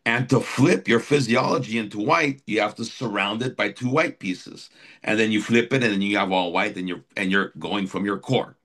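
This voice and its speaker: A man's voice: lowish voice, moderate pace, fairly bright tone. A middle-aged man, an author and life coach, telling a personal story as a podcast guest in an earnest, reflective way and acting out his own inner thoughts. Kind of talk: conversational storytelling.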